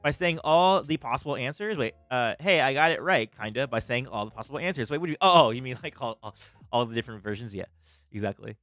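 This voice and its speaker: A man chatting casually as a livestream host, relaxed and rambling, with lots of filler words. His voice is smooth and sits a little high, recorded dry and close. Faint music plays underneath. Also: fast talker, no room sound.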